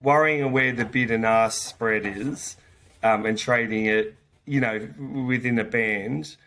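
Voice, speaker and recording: A man hosting a casual interview who talks in a measured, explanatory way and readily agrees with his guest. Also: on the low side, steady tone, pushed and bright. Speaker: host, interviewer.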